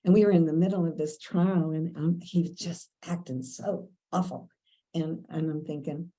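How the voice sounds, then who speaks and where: An older woman from Kentucky recalls her years as a lawyer, chatting loosely with plenty of fillers and frequent laughs. Her voice sits a little low and sounds deeply mellow and relaxed. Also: moderate pace, low-quality recording. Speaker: veteran lawyer. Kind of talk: storytelling interview.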